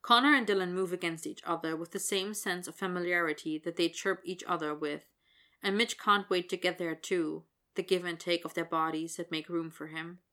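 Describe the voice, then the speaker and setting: A woman reading fiction aloud in an even, expressive storytelling style. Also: on the low side, normal speed. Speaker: narrator.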